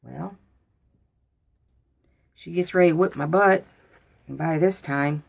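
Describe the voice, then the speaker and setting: Gravelly-voiced woman telling a folksy story. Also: sits low. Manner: folksy, drawn-out, animated when quoting. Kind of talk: casual storytelling to viewers.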